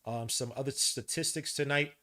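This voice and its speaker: A man hosting a podcast, giving live play-by-play commentary and stats with excitable, frustrated, slangy outbursts. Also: medium pitch, moderate pace. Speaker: podcast host.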